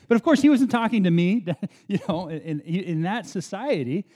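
Animated man preaching a casual sermon. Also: sits high, normal speed. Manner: conversational, self-deprecating, animated with asides. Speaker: pastor.

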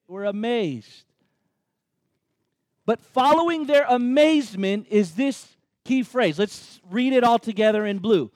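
Guy preaching, lively and joky, high voice jumping all over, dry close sound. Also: unhurried, dry recording. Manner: animated, joking asides, acts out crowd reactions. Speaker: pastor. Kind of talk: sermon.

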